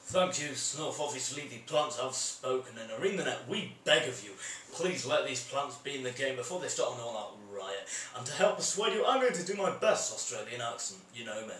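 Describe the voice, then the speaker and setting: A man's voice: mid-range voice, expressive, brisk, fairly bright tone. Brit guy hosting a gaming show, joking at himself, roomy and far off, faint hiss. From Britain. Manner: light, self-mocking. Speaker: host. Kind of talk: scripted show presenting. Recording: echoey room, distant mic.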